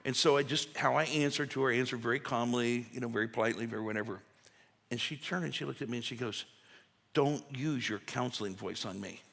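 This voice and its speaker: A man's voice: mid-range voice, steady tone, fast talker, vocal fry, a bit bright. A man preaching a conversational sermon as pastor, folksy and full of asides and restarts. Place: church sanctuary. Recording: long church hall reverb.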